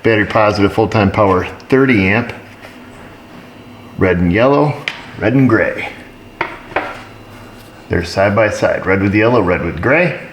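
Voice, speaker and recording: A man's voice: fairly low pitch, unhurried, long pauses, a little hiss or hum. A man working as an auto repair technician, narrating casually while he diagnoses a truck and tossing dry, joking asides to viewers. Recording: roomy shop echo.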